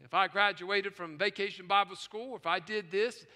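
Man, pastor, sermon, high pitch, sharp tone, long church reverb. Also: steady tone, moderate pace. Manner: preaching with dramatic swings from hushed to shouting. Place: large church sanctuary with choir and orchestra. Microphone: live stream.

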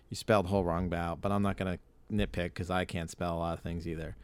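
A man's voice: low-pitched, little pitch movement, quick pace, smooth, no echo. A man hosting a podcast, chatting casually in a rambling, profane way. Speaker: podcast host. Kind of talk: casual chat.

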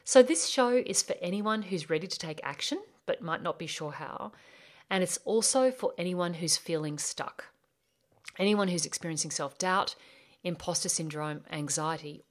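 A woman's voice: low voice, moderate pace. Upbeat Australian woman hosting a podcast. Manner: earnest, upbeat motivational delivery. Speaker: podcast host and life coach. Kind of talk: scripted podcast introduction.

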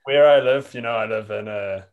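A man's voice: fairly low pitch, normal speed, phone-quality sound. A man telling a rambling, hesitant story as a student in an improv class.

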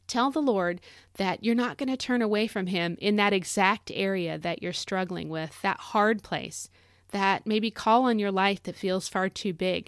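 A woman's voice: medium pitch, no echo, studio quality. A middle-aged woman hosting a devotional Bible talk in a chatty, conversational way. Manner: chatty, conversational with many fillers. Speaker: podcast host.

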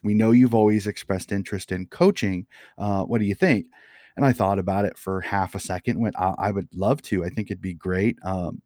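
A man's voice: lowish voice, a little mellow, dry recording, studio quality. A man, a football coach answering interview questions earnestly and often restarting his sentences. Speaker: head coach of an amateur Australian rules football club.

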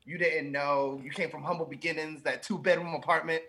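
A man's voice: fairly high pitch, fairly even intonation, fairly quick, pushed and bright, slight background noise. A man co-hosting a podcast, bantering playfully with friends. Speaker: podcast co-host. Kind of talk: casual chat.

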